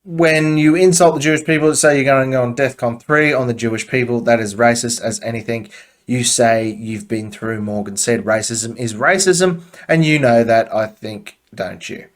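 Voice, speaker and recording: A man's voice: mid-range voice, normal speed. A man with an Australian accent hosting a casual podcast, giving blunt, swear-laden opinions with plenty of fillers. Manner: blunt, profane, offhand commentary with frequent fillers. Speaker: podcast host.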